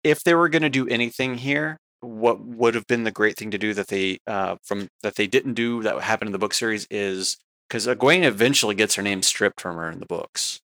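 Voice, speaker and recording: Bright-toned low-voiced male co-host. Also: a little fast, no room sound. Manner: easygoing, summarizing, uses "you know". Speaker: podcast co-host. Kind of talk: casual fan discussion.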